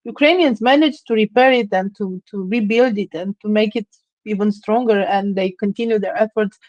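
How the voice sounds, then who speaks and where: A woman from Romania, telling a story in an online chat in an earnest, emotional way with many pauses. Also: mid-range voice, a little mellow, no echo, lo-fi sound. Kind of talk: casual chat.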